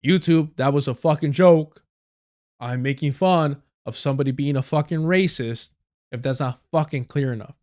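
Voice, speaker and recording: A man's voice: on the high side, moderate pace, a little mellow. A man hosting a live stream, reacting to clips in heated, sarcastic, profanity-laced commentary. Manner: heated, sarcastic, swears a lot. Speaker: livestream commentator.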